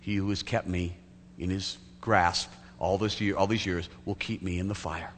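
A man voicing a calm, devout old bishop, speaking low, quiet and steady. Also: moderate pace, lightly acted. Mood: serene. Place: church sanctuary. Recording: echoey hall, faint hum.

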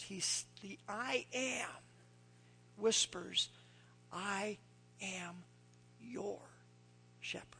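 A man preaching a sermon, telling folksy stories and dropping to a hushed near-whisper when he quotes scripture. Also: sits high, gravelly, breathy edge. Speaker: pastor.

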